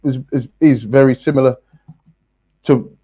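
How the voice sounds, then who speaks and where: A man, a podcast guest, telling his story in a casual, halting way with many restarts and fillers. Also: mid-range voice, steady tone, slightly rough, muffled recording. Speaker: guest, company co-founder.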